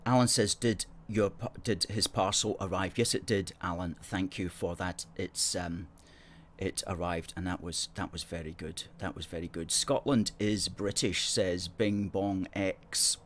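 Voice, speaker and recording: A man's voice: deep voice, fairly even intonation, unhurried, fairly bright tone, a little hiss or hum. Chatty, playful man hosting a livestream. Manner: playful, chatty, self-mocking. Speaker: host. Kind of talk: casual live-stream chat reading viewer comments.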